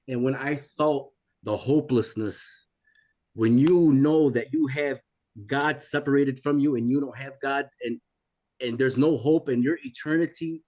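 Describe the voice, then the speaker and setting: Forties guy telling his story, intense, repeats himself, mid-pitched voice. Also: normal speed, darkish tone. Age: 40s. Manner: intense, repetitive, rising to pleading. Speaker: guest telling his testimony. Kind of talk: emotional personal testimony.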